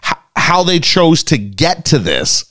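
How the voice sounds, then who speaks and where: A man's voice: a little high, unhurried, no room sound, studio quality. A man co-hosting a podcast, discussing an episode critically with plenty of questions. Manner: critical, questioning, animated reactions. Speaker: podcast co-host. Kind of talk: casual discussion.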